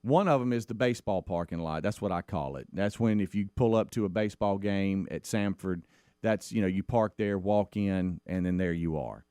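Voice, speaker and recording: Man, middle-aged, radio co-host, storytelling, animated, dry studio mic. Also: moderate pace, smooth, no echo. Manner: animated storyteller who acts out quotes in a higher voice. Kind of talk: casual storytelling chat.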